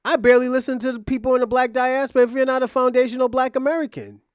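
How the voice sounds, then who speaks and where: High-voiced man ranting angrily. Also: flat delivery, rapid-fire, clear, resonant tone, dry recording. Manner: angry, profane, incredulous ranting. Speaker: commentary streamer. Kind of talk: heated reaction commentary.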